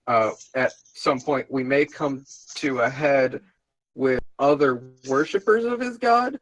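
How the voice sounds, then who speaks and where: A man playing a tabletop game, easygoing and thinking out loud, swearing casually now and then. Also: mid-range voice, slow, no room sound, low-quality recording. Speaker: player.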